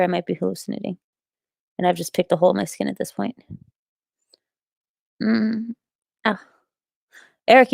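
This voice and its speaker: A woman's voice: medium pitch, gravelly, darkish tone, no echo, clean studio sound. A woman hosting a livestream from a small attic, rambling casually with self-mocking humor and upspeak as she reads chat. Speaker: livestream host reading chat. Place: small attic in an old house.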